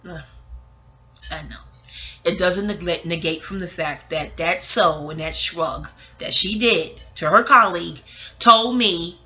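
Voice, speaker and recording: A woman from Queens, delivering a rambling, digressive and emotional monologue about a film. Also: lowish voice. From New York, Queens. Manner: digressive, emotional, expressive, swears casually. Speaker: vlogger reviewing a film. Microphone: audio-only recording.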